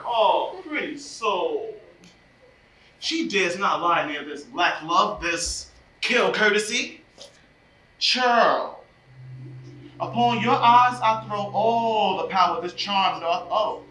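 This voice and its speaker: A man's voice: pushed and bright, full character voice. An actor playing a mischievous male fairy sprite, delivering verse theatrically on a live stage. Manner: theatrical stage delivery with big swings of pitch. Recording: echoey stage, recorded from far off.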